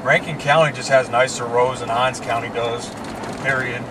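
A man's voice: medium pitch, steady tone, normal speed, distant mic. A man from Mississippi with a Southern accent, chatting casually and laughing often as he hosts a driving vlog. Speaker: vlog host. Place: inside a moving car. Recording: car and road noise. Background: road and car noise.

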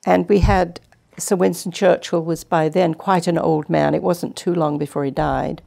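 A woman in her seventies from England, a guest telling chatty, lively stories in a TV interview. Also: lowish voice, normal speed, vocal fry. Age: 70s. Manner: chatty, animated anecdotes. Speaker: guest, retired nurse. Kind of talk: casual storytelling interview. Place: community TV studio.

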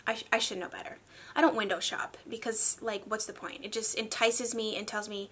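A woman talking in a casual makeup review vlog, chatty and gushing, with animated asides. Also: medium pitch, a little fast, husky. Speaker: beauty vlogger.

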